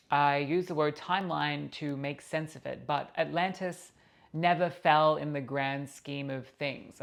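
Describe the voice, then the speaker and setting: A man's voice: on the high side, gravelly. A man voicing an enthusiastic female Atlantean spirit guide, speaking with a put-on accent in an earnest, expansive, preachy way. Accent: unplaced put-on accent. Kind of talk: channelled spirit message.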